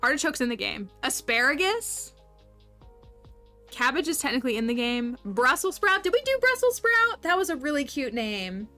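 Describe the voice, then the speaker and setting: Bright-voiced chatty woman streamer. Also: high voice, big pitch swings, moderate pace, soft background music. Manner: chatty, upbeat, laughs often while reading chat. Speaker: livestreamer. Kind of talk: casual livestream chat with viewers.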